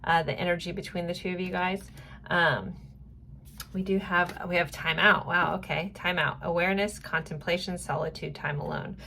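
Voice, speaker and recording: A woman's voice: lowish voice, gravelly, a bit bright, slight background noise. A woman giving a casual, chatty tarot card reading to her viewers, rambling with many fillers. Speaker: tarot reader.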